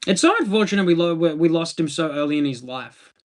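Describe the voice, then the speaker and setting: A man's voice: fairly high pitch, animated, fast talker. An Australian man chatting casually on a livestream, laid-back and rambling as he answers viewer comments.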